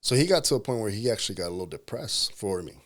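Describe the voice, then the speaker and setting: A man in his thirties, a pro bodybuilder and entrepreneur, telling stories in a casual interview, animated and quick to laugh. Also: lowish voice. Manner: animated, laughs often, acts out quotes.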